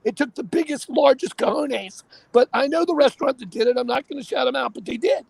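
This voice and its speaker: Husky high-voiced emphatic male host. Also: fast talker, no room sound. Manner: animated, emphatic, repeats himself. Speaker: show host. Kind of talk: casual talk show chat.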